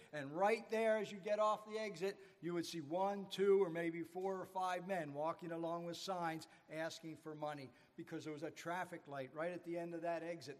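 A man with a high voice preaches a sermon from the pulpit. He tells stories and leans hard on key words. His voice rings through a church with a long reverb. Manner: storytelling preacher, rising and falling emphasis. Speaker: pastor. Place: church sanctuary.

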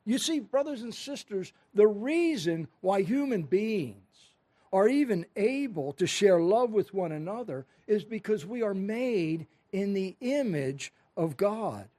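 A man's voice: high-pitched, sing-song, a little slow, dark tone. A man preaching a sermon, earnestly and emphatically explaining a scripture passage to his congregation. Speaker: pastor.

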